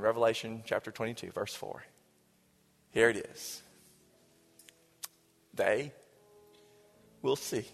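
A pastor in his forties preaching a sermon, moving between raised passages and hushed, whispered lines. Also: mid-range voice, vocal fry. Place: church sanctuary. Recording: church hall reverb with soft music.

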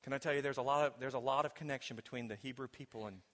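A man preaching a sermon in a church, telling a story dramatically and swinging between loud and hushed delivery. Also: medium pitch, steady tone, racing. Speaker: pastor. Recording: long hall reverb.

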